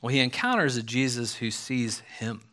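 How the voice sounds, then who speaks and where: A man preaching a sermon in a casual, conversational way, often acting out quoted lines with lively asides. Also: medium pitch, moderate pace. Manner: conversational, animated, acts out quoted speech.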